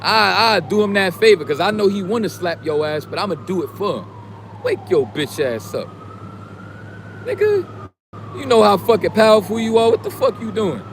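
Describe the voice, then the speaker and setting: A streamer delivers a casual motivational rant packed with street slang and swearing, his fairly high voice for a man moving briskly. He swings from calm preaching to loud, heated outbursts while traffic and street noise come through clearly behind him.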